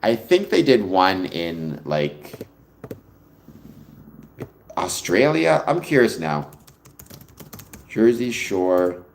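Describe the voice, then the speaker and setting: Guy with a low voice doing a livestream, rambly chat, reads out comments and goes off on tangents. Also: very animated, extremely slow, vocal fry, long pauses, slight background noise. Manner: chatty, rambling, digresses into personal stories. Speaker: livestream host. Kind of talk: casual chat answering viewer comments.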